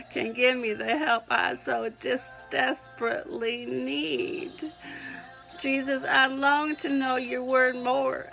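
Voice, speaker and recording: A woman's voice: high voice, vocal fry, fairly bright tone, rough recording. A woman with a Southern accent reading her own prayerful poem, often stopping to sneeze and laugh, on the edge of tears. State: teary, on the edge of crying. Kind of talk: prayerful spoken-word poetry reading.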